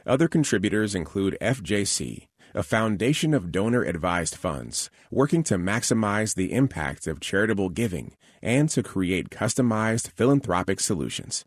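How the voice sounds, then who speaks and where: A man's voice: fairly low pitch, sing-song, moderate pace, few pauses, no echo, clean studio sound. A man reading a radio sponsor announcement.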